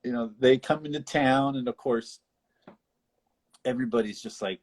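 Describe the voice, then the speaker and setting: A man co-hosting a casual podcast, recapping a film in a rambling, animated way with frequent laughter. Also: medium pitch, normal speed. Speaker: podcast co-host. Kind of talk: casual film discussion chat.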